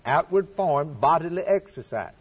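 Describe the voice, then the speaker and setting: A man's voice: fairly high pitch, lively intonation, moderate pace, husky. A man preaching a sermon, stressing his points by repeating phrases.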